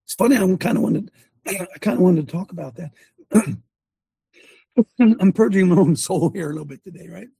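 A man preaching passionately to his congregation as host of the show, ranting with his voice leaping high when fired up. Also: normal speed, gravelly, long pauses, dark tone, slightly rough, dry recording.

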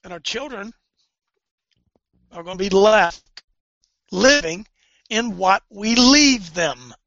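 Gravelly, fervent male preacher. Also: sits high, lively intonation, takes it slowly, no echo. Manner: fervent, swings between hushed and loud. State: tearful. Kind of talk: impassioned preaching. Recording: dull lo-fi recording.

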